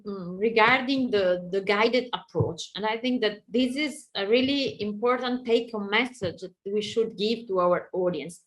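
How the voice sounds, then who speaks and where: A woman's voice: medium pitch, poor audio. A woman with an Italian accent moderating a webinar Q&A, polite and a little hesitant as she reads out questions. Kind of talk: hosting a webinar Q&A.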